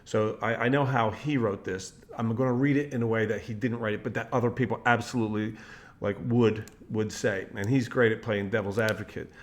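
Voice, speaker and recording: A man's voice: lowish voice, fairly even intonation, fairly quick. A man speaking in a casual, rambling monologue as a motivational speaker, often restarting sentences and switching into quoted voices. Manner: rambling, with frequent restarts and "like" fillers.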